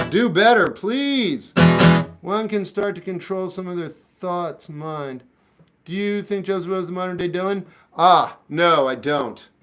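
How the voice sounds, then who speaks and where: A man in his fifties reading live chat questions aloud and answering them with blunt, deadpan one-word replies. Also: sits high. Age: 50s. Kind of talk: casual live-stream chat.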